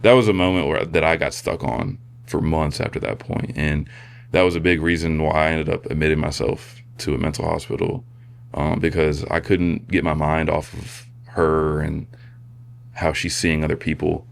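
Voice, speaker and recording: A man, a podcast guest, sharing a personal testimony in a halting, soft-spoken way with many fillers and restarts. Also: extremely low pitch, fairly even intonation, creaky. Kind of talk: personal testimony in casual conversation.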